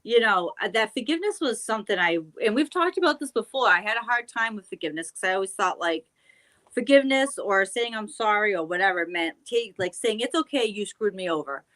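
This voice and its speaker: Guest, woman, mid-pitched, earnest and reflective, casual conversation. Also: expressive, fairly quick, fairly bright tone. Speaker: guest tarot reader. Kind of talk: casual chat.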